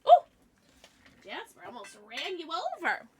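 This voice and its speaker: A woman's voice: very high-pitched, huge pitch swings, a little slow, a little mellow. A woman streaming live, chatting casually with viewers and cooing over her pets. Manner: bubbly, coos over her pets, laughs often. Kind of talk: casual livestream chat.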